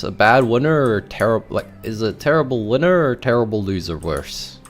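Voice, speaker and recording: A man's voice: on the low side, expressive, a little fast, faint music behind. A man streaming a game, chatting casually, rambling, and playfully bantering with his chat. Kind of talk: casual gaming commentary.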